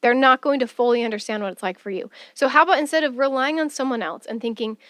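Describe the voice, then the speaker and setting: High-voiced woman podcaster, earnest and chatty. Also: fast talker, a bit bright, clear, resonant tone, dry recording, clean studio sound. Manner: earnest, conversational, acts out quoted voices. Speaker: podcast host. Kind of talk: casual advice monologue.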